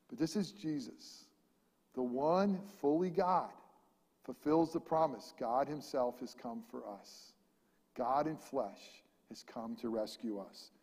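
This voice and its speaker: A man preaching a sermon, animated, swinging between loud emphatic lines and quiet ones. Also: mid-range voice, slow pace, slightly rough, big-room sound. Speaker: pastor.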